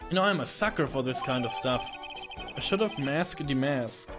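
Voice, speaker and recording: A male streamer giving excitable let's-play commentary and scolding his chat in mock sternness. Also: mid-range voice, moderate pace. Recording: game music behind.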